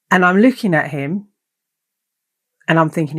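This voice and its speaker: A woman hosting a casual podcast, telling stories in an animated way, swearing freely and acting out quoted lines. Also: on the low side, normal speed, long pauses, no echo. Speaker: podcast host.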